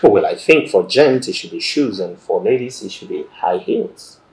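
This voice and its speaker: An actor playing a relaxed, teasing office boss, speaking with a Nigerian accent in a measured, wry way in a film drama. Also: male voice, fairly low pitch, low-quality recording.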